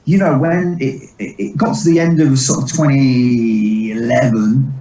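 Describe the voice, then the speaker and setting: A man, a comedian telling rambling stories in a relaxed interview, quick to laugh. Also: mid-range voice, faint music behind. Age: 30s. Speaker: comedian and impressionist guest. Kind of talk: casual interview chat. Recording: echoey distant mic.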